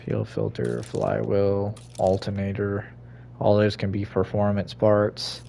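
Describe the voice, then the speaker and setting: A man giving casual, swear-filled commentary while he plays a game, talking to himself, laughing and breaking into sudden loud outbursts. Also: lowish voice, animated, takes it slowly, vocal fry, slight background noise. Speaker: gaming streamer.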